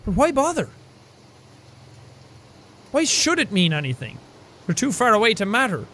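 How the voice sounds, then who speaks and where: A man voicing an anxious, dramatic young woman stranded in a car as he reads game dialogue aloud, in a high, swooping, overwrought tone. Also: wildly swooping pitch, moderate pace, sharp tone, exaggerated voice. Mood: wistful.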